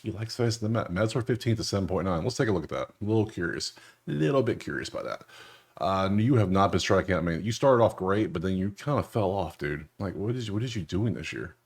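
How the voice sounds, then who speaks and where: A young man casually breaking down baseball betting picks over a screen share, slangy and joking, with loud incredulous outbursts. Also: sits low, quick pace, few pauses, breathy edge. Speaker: sports betting analyst.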